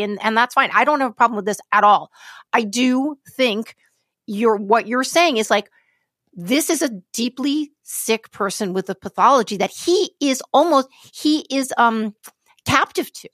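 A woman's voice: a little high, fairly bright tone, no room sound, studio quality. Blunt, swearing woman podcast co-host. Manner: blunt, swears freely, restarts and trails off. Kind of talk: casual chat.

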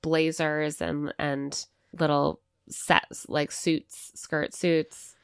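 A woman with a low, smooth, resonant voice chats casually on a podcast, dropping "like" often and slipping into little impressions of people. The sound is dry and close, with no room around it. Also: little pitch movement, very slow, no echo. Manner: chatty, many "like" fillers, acts out quoted lines. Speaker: podcast co-host. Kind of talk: casual chat about a TV show.

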